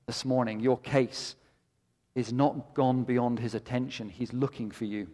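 A man's voice: medium pitch, fairly even intonation, a little slow, dark tone. A middle-aged male pastor preaching a sermon with impassioned, emphatic delivery and repeated phrases that build to peaks. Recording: long hall reverb.

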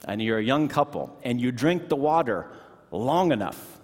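A middle-aged man preaching a sermon in a church, telling stories with animated energy that drops to hushed tones. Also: medium pitch, normal speed. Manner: animated storytelling, shifting from excited to hushed. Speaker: pastor. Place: church sanctuary. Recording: long hall reverb.

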